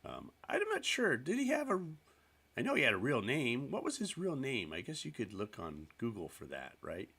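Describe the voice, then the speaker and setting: A man's voice: mid-range voice, huge pitch swings, moderate pace, gravelly, fairly bright tone, slightly rough. A man hosting a live stream, chatting casually with viewers in a rambling, self-deprecating way. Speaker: livestream host.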